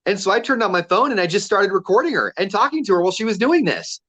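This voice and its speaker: A man's voice: high-pitched, very animated, quick pace, fairly bright tone. A man co-hosting a radio show, telling a story casually and acting out the quotes with energy.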